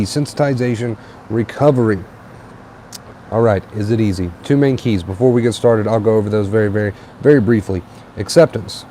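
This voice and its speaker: A young man hosting a late-night livestream on a tablet, a little tired, relaxed and repetitive, with plenty of uh and um. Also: medium pitch, slight background noise. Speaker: livestream host. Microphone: tablet mic.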